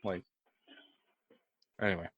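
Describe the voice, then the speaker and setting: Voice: takes it slowly, a bit bright, dull audio, a little hiss or hum. A tabletop player talking casually and joking around. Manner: playful, joking.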